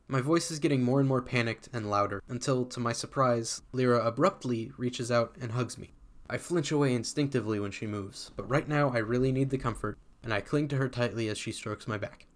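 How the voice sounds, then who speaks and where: Man, storybook reader, first-person, casual, wry, cursing, mid pitch. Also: fairly quick. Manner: casual, sardonic, swears freely. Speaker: community reader.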